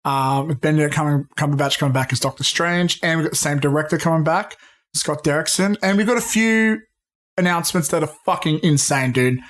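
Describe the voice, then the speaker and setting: Brief: male podcast co-host, a touch high-pitched, excitable, profane, calls people "dude". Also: brisk. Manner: excitable, swears freely, says "dude". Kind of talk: casual pop-culture chat.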